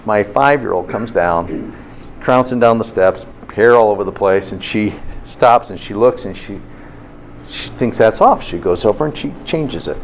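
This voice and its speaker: Lively, animated male health talk host. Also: on the low side, normal speed, gravelly, a little hiss or hum, low-quality recording. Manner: lively storyteller with rhetorical questions. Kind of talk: motivational talk to an audience.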